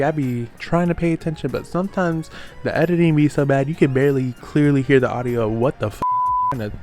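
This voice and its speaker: A man recaps a reality show in a casual, sassy voice full of slang and quick throwaway asides. His pitch sits in the middle, and faint music plays under him.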